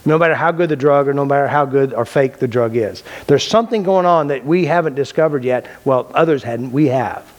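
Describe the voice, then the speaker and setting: A man's voice: mid-range voice, fairly quick, hardly any pauses. A man teaching a class in a mind-body healing method, talking casually and bluntly. He repeats key phrases and asks and answers his own questions. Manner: casual and blunt, with loose restarts. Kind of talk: unscripted classroom lecture.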